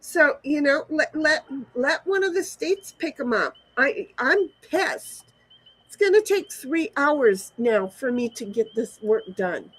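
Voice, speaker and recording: A woman's voice: high voice, lively intonation, measured pace, dry recording, rough recording. Furious ranting woman, close and dry. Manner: furious, ranting, swearing, repeating herself. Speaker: vlogger. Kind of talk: angry venting to camera.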